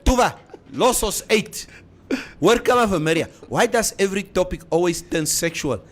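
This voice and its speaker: A man's voice: high voice, lively intonation, normal speed. A man in his fifties co-hosting a radio show from a studio, reading out listener comments between bursts of laughter and mixing English with Afrikaans. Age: over 50.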